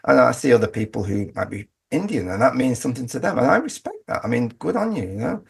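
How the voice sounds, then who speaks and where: A middle-aged Englishman living in Australia, speaking as an interview guest in a halting way with many restarts. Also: mid-range voice, expressive, creaky, breathy edge. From England. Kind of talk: conversational interview.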